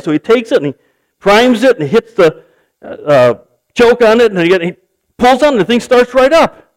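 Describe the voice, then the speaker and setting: A man's voice: high-pitched, lively intonation, brisk, rough recording. A man preaching a sermon, telling a joke story and acting out its characters with animation. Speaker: pastor.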